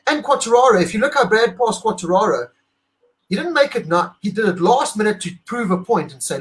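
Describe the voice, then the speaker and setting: A high-pitched man co-hosts a casual talk, gushing with emotion and animation. He is middle-aged and from South Africa. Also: very animated, brisk, fairly bright tone, rough recording. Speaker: podcast co-host. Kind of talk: excited casual chat.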